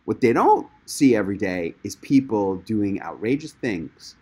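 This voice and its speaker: A man's voice: fairly low pitch, big pitch swings, a little slow, mellow, husky. A man hosting a webinar and coaching speakers with emphatic, enthusiastic encouragement.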